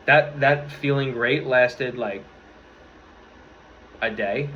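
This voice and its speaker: A young man in his twenties talks to camera in a casual, motivational vlog. He sounds earnest and rambling, swearing freely and stopping to restart his thoughts. His voice sits in a middle pitch, and the audio is a little dull with a faint hum of the room behind him. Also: slow, long pauses. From New York area. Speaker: vlogger.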